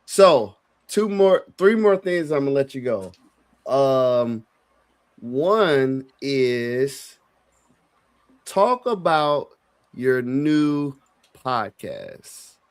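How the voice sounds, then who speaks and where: A man hosts a podcast at an unhurried pace, his pitch moving a lot as he asks questions. His sound is close and dry. He laughs along easily with his guest. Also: sing-song, smooth, dry recording. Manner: slow, laid-back questioner who laughs along. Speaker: podcast host. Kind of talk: casual interview.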